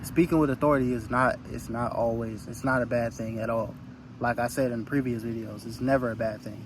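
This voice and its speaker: A man's voice: medium pitch, steady tone, a little fast, noisy background. A man giving an earnest, rambling motivational talk into his phone outdoors, repeating phrases for emphasis. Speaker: spiritual vlogger.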